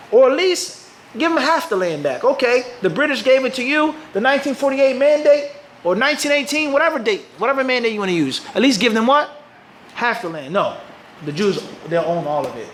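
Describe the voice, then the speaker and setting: A man's voice: high-pitched, lively intonation, brisk, fairly bright tone, reverberant, slight background noise, low-quality recording. A man from Philadelphia with an American accent, teaching a live audience and often asking rhetorical questions before answering them himself. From Philadelphia, USA. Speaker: Islamic teacher.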